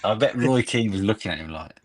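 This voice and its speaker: A man's voice: fairly low pitch, lively intonation, brisk. A man in his thirties, a podcast guest chatting casually and telling long, rambling, nostalgic football stories. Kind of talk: casual chat.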